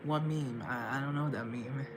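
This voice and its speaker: A man's voice: medium pitch, steady tone, moderate pace, a little hiss or hum. A man from Colombia chatting casually on a live stream, answering viewers' comments in a chatty, theatrical way.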